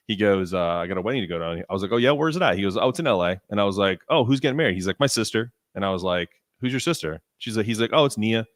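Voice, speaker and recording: A man co-hosting a podcast, telling an animated story with lots of restarts. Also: deep voice, quick pace, few pauses, no room sound, studio quality. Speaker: podcast co-host. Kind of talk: casual chat.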